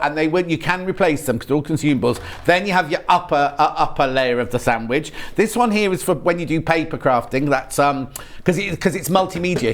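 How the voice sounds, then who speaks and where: A British man presenting products on a live shopping channel in a TV studio, chatty and rambling, with frequent restarts. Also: fairly high pitch.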